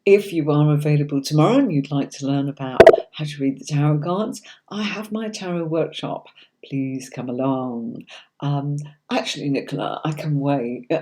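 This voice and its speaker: Hosting a tarot livestream, a middle-aged woman reads cards casually in a low, slightly mellow voice. She reads out viewers' comments, replies to them by name, and frequently calls them sweetie or darling while chatting.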